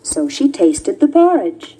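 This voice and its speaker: A woman reading a children's fairy tale aloud in a slow, expressive, sing-song way. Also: medium pitch, breathy edge, low-quality recording. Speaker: storyteller. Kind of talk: storybook reading. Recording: music playing behind the voice.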